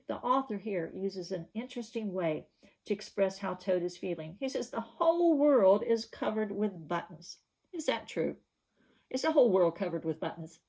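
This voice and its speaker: A woman's voice: fairly low pitch, gravelly, a little mellow. A woman teacher giving a reading lesson to young children, patiently asking questions to prompt the class.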